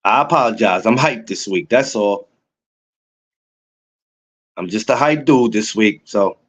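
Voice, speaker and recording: A man's voice: on the low side, measured pace. Hyped man chatting on a livestream. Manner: excitable, repeats himself, talks to chat viewers. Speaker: podcast host. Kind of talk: casual livestream chat.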